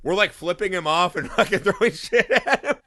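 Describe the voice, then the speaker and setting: A man in his thirties from Indiana, co-hosting a podcast and telling a story in animated, profane casual chat. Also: high voice, a little fast. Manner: animated storytelling, heavy swearing, laughing. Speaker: podcast co-host.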